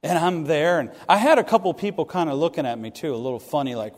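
A middle-aged man preaching and telling funny personal stories to a congregation, lively and self-deprecating, acting out other people's lines. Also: fairly high pitch, fairly quick. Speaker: pastor. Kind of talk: sermon storytelling. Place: church sanctuary. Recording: long reverb of a church hall.

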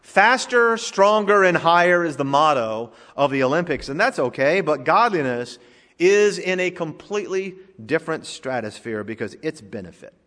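A man's voice: on the high side, expressive, moderate pace, fairly bright tone. A male pastor preaching a sermon in a conversational, joking way, in a church sanctuary. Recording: long reverb of a large hall.

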